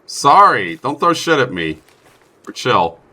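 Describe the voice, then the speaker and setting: Very animated yet taking it slowly, a young streamer with a sharp, medium-pitched voice narrates his survival game over slight background noise. He's chatty and self-mocking in this let's play, with abrupt startled outbursts.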